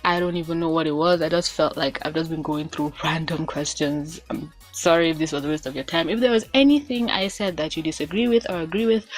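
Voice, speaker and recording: A young woman vlogging casually, reading would-you-rather questions aloud and thinking out loud as she answers them. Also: deep voice, fairly even intonation, brisk, faint music behind. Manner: chatty and musing, thinks out loud with restarts.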